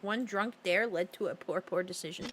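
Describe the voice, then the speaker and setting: A mid-range, slightly bright female voice at a normal speed, with faint background noise. She's a young game streamer chatting informally, reading comments aloud, giggling frequently and straying off topic.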